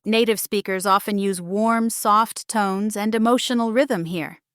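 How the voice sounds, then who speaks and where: A woman teaching a scripted English speaking lesson, saying each phrase slowly and then saying it again for the listener to shadow. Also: mid-range voice, a bit bright, clear, resonant tone, no echo, clean studio sound.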